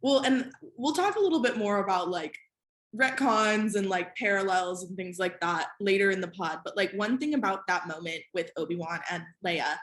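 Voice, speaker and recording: A woman's voice: mid-range voice, normal speed, a bit bright, echoey room. A woman hosting a podcast, chatting casually with many "like" fillers. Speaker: podcast host.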